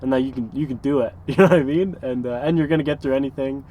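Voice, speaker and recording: A man's voice: mid-range voice, fast, dark tone, a little hiss or hum. A man in his early twenties telling stories in a casual, rambling way, full of fillers and small chuckles. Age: 20s. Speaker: interviewee, van dweller. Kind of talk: casual storytelling.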